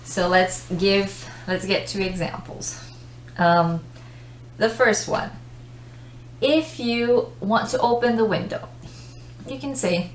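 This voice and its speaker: A woman's voice: mid-range voice, unhurried, long pauses, a little hiss or hum. A woman teaching an English lesson in a chatty way, laughing often between explanations. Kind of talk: casual video lesson. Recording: echoey room.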